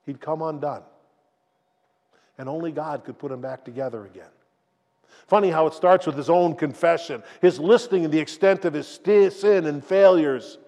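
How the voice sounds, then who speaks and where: A man preaching a sermon, retelling a story dramatically and swinging between loud and hushed delivery. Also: fairly high pitch, normal speed. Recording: long reverb of a large hall.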